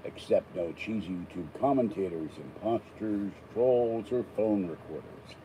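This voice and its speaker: Over a noisy background, this older Pittsburgh unboxing vlogger talks in a lowish, expressive voice, unhurried. He's chatty and digressive, rambling between topics and tossing in self-deprecating remarks.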